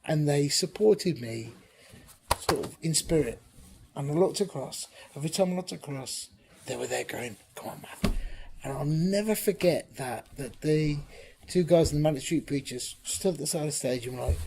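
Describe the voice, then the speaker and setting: A man being interviewed about his band, telling stories in a chatty, lively way, sometimes dropping to a whisper for emphasis. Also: on the high side, normal speed, gravelly, a little hiss or hum. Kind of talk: casual anecdotal interview.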